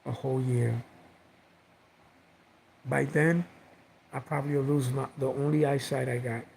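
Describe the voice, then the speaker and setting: A man's voice: mid-range voice, steady tone, unhurried, gravelly, a little mellow, slight background noise, poor audio. A middle-aged man vlogging from home, telling a personal story in a rambling, heartfelt way, repeating words and using lots of fillers.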